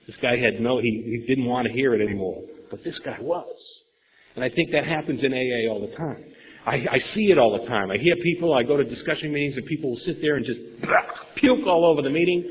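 A man's voice: mid-range voice, long reverb tail, slight background noise. A man giving a rambling, emphatic personal recovery share at a meeting, repeating words and swearing casually. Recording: dull lo-fi recording.

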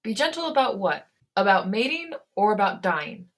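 A woman's voice: lowish voice, a little fast, gravelly, fairly bright tone. A woman voicing a blunt young man, scared underneath and short-spoken, in a fan fiction read aloud. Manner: blunt, clipped.

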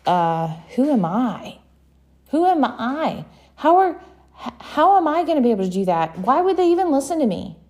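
Woman doing a scared stammering prophet, higher-pitched, rushed, mellow tone. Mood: anxious. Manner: anxious, rushed stammering questions. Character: frightened doubting man, reluctant prophet.

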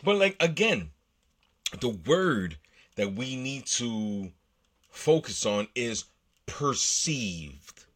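A man's voice: medium pitch, very animated, very slow, long pauses, a bit bright. A man hosting his own show, talking solo in a rambling, profane way, with many restarts and fillers. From United States. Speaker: podcast host. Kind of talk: casual solo monologue.

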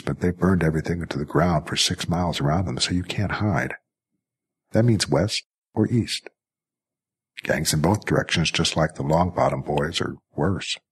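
A scrappy streetwise boy, blunt and quick-talking, as a male narrator puts him on. The voice is very deep and husky, barely lifted from the reader's own. It sounds like a storybook reading. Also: exaggerated voice.

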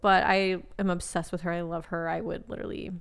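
A woman's voice: fairly low pitch, flat delivery, fairly quick, vocal fry, fairly bright tone, smooth. A woman in her twenties co-hosting a podcast, chatting casually, giggling and acting out other people's voices as she tells stories. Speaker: podcast co-host. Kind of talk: casual chat.

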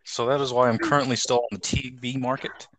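A man's voice: mid-range voice, little pitch movement, a little fast, a bit bright. A young man in casual chat, teasing and wry, offering offhand opinions.

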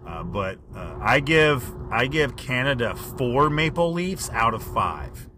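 A man hosting a comedy podcast, telling stories in an animated monologue with big jumps in pitch and volume. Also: slow, background noise. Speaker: podcast host.

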